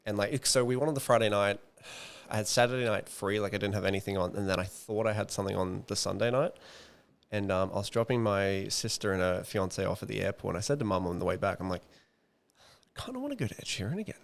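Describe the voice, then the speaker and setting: A young man rattles through podcast stories at speed. His voice sits very low with a gravelly fry. He is chatty and swears freely. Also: fairly even intonation, fast. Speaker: podcast co-host. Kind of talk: casual chat.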